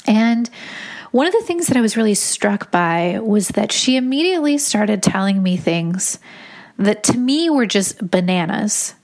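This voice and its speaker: Young woman, casual storytelling, chatty, lots of fillers, mid pitch. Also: a little slow. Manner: chatty, filler-heavy, animated retelling with laughs.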